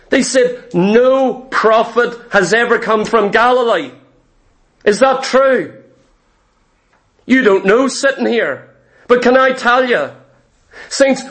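Preaching a sermon in a strikingly high voice, a man speaks with emphasis, returning to key phrases and pressing rhetorical questions on the congregation.

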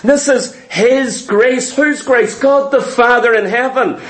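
A man's voice: very high voice, slow, a bit bright, poor audio. A man preaching a sermon, repeating key words and asking the congregation questions.

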